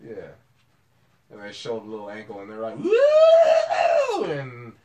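A man's voice: fairly low pitch, normal speed, dull audio. A man chatting casually with friends, acting out silly characters and laughing often. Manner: animated storyteller, acts out shouting characters and laughs a lot. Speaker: podcast co-host. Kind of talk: casual chat among friends.

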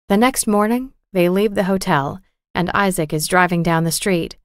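Lady reading a learner story slowly and clearly, lowish voice, no room echo. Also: studio quality. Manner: clear, measured, carefully articulated reading. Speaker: narrator. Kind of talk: storybook narration for English learners.

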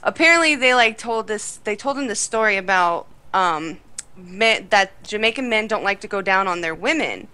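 A woman's voice: medium pitch, animated, normal speed, pushed and bright, smooth. A woman chatting casually as a guest on a game stream, telling stories with lots of filler words. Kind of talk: casual gaming chat.

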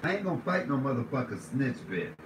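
A man's voice: big pitch swings, fast, background noise. Profane ranting man on a live stream. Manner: profane, loud ranting, swings from low mutters to raised shouts. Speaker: livestream host. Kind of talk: live-stream rant while cooking.

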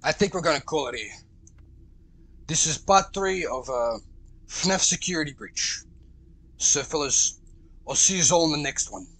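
A man hosting a let's play, reacting loudly and profanely, yelling at the game as he plays. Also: on the high side, normal speed, pauses often. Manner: excitable, profane, shouts at the game. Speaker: gaming channel host.

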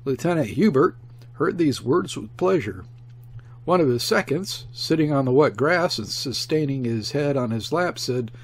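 Lively narrator with a husky, gravelly voice. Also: male voice, mid-range voice, normal speed. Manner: expressive, shifts tone for quoted speech. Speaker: audiobook reader. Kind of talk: scripted narration.

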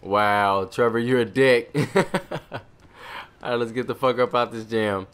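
A man giving casual commentary over his video game playthrough, profane and excitable, full of trash talk. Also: mid-range voice, slow, smooth. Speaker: gaming channel host.

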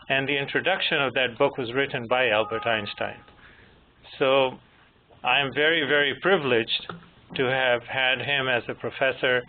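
A man in his fifties, moderator and presenter, giving a measured technical lecture with gentle humor. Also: medium pitch. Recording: tinny phone-line audio with faint noise.

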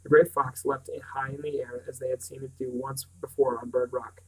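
A man's voice: medium pitch, flat delivery, a little fast, slightly rough, rough recording. A man reading a novel aloud as narrator, now and then stumbling and restarting words. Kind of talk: audiobook reading.

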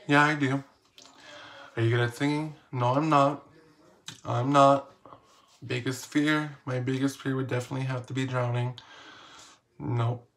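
In a lighthearted vlog, a man with a gravelly, fairly bright mid-range voice reads questions aloud and answers each in turn. His style is casual, slangy, playful, and self-deprecating.

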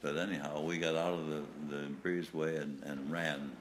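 Very deep-voiced older man reminiscing. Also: level tone, a little hiss or hum. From United States. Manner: halting, with restarts and chuckles. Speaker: WW2 veteran interviewee. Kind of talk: recounting war memories.

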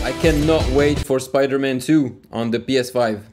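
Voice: medium pitch, moderate pace. A movie reaction host from Quebec with a Quebec French accent, thinking aloud and exclaiming as they watch. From Quebec, Canada. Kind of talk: casual movie reaction commentary. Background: film soundtrack music.

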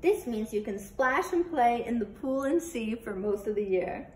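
A woman's voice: a little high, animated, moderate pace, darkish tone, lightly acted. A woman voicing a proud, friendly male falcon who reassures and explains in a storybook reading. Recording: roomy with faint noise.

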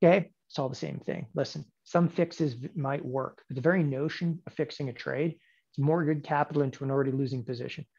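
A man in his forties teaching options trading in a lecture, emphatic and sarcastic, with animated bursts. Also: on the high side, brisk, gravelly, husky, muffled recording. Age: 40s.

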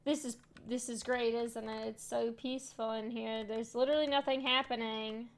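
Reading game text aloud over game music, a woman hosts a let's play with casual, playful chatter and calls her audience "fam." Her voice is a little high, her intonation fairly even, and her speed normal.

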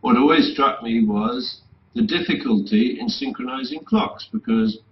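A man's voice: medium pitch, very animated, moderate pace. Guy co-hosting, rambly asides, echoey dull sound. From England. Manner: discursive, wanders into asides. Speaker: co-host. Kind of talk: casual chat.

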